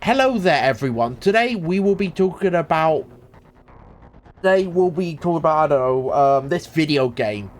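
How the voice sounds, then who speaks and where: A man's voice: fairly high pitch, animated, normal speed, soft background music, lightly acted. A man voicing a chirpy male YouTuber opening a video with an exaggerated presenter tone. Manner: bright, exaggerated presenter greeting.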